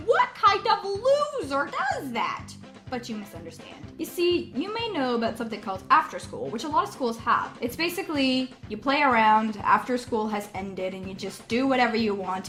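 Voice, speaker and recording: Animated, loud young woman vlogger. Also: on the high side. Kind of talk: casual storytelling to camera.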